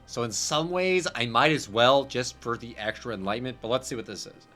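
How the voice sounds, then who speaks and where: Bright, excitable gamer man. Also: medium pitch, fairly quick, soft background music. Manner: excitable, swears, thinks aloud. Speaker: gaming channel host. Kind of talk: casual let's-play commentary.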